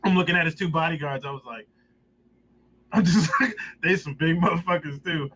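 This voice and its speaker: Bright, high-voiced animated man. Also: moderate pace, slight background noise, poor audio. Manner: animated storyteller, acts out quotes with laughter. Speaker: podcast co-host. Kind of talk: casual live-stream banter.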